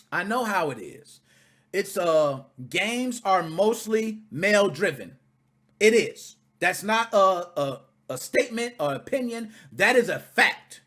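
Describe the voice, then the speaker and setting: A man hosting a video reaction, talking casually in an animated, profane, indignant way. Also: high voice.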